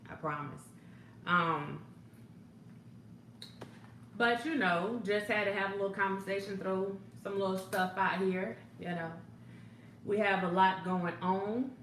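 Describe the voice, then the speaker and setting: A woman's voice: mid-range voice, fairly even intonation, unhurried, long pauses, a bit bright. A woman life coach hosting a casual livestream, greeting viewers by name in a laid-back way with frequent ums and laughs. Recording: echoey room, faint background noise.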